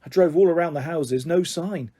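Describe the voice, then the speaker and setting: A man's voice: a little high, moderate pace, dark tone, close to an everyday voice. A man voicing a middle-aged father in a storybook reading, flustered and stammering apologies.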